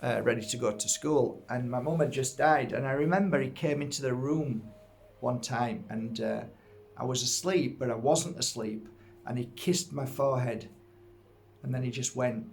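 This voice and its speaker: Middle-aged Yorkshire man, healer, heartfelt and reflective, mid pitch. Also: normal speed, creaky, a little hiss or hum. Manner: earnest, heartfelt, musing. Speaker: energy healer and spiritual teacher. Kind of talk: reflective personal talk to viewers.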